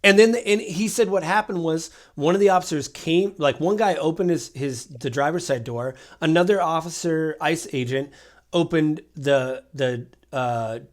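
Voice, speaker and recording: A man's voice: a little high, moderate pace. A man co-hosting a political podcast, retelling incidents and acting out what people said. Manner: storytelling, acts out quoted exchanges. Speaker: podcast co-host. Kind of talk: casual political chat.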